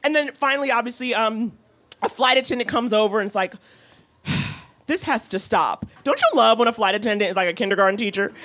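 A woman co-hosting a comedy podcast, telling a story in a sassy, animated way with laughing asides. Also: a little high, very fast. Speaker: podcast co-host.

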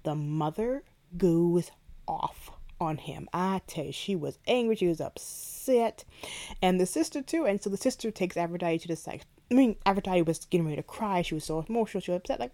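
A woman's voice: fairly low pitch, fairly quick. A woman hosting a book review podcast, chatting animatedly as she retells a favorite scene and reads ad copy. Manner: chatty, animated retelling with playful quoted asides. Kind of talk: casual book review with ad read and read-aloud passage.

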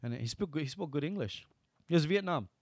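Lively man telling stories. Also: on the high side, fairly quick, breathy edge, no room sound, clean studio sound. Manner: lively storyteller, acts out dialogue. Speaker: podcast guest, entertainer. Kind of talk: casual interview storytelling.

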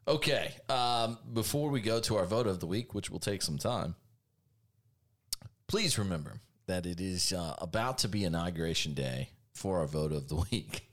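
Man, podcast host, sarcastic, jokey, low-ish voice, very lively pitch. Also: moderate pace. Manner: sarcastic, jokey, animated delivery. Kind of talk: casual podcast banter with ad reads.

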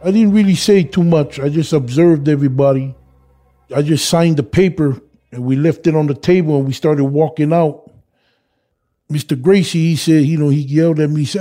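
A man's voice: on the high side, normal speed, mellow. A man being interviewed, telling an anecdote in a laid-back way and acting out the quoted dialogue. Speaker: interviewee, former fighter. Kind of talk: anecdotal storytelling.

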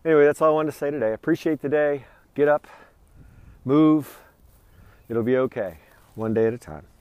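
Here a vlog host speaks in a slightly high, darkish, smooth voice at a moderate pace, with no room sound at all. He's out walking, somewhat breathless, offering casual motivation in an upbeat, rambling way and saying "you know what" again and again.

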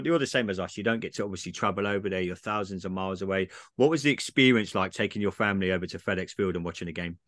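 Fast-talking English podcast host. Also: male voice, fairly low pitch, fairly bright tone, no echo, studio quality. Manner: fast, enthusiastic, repeats himself. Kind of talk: casual podcast interview.

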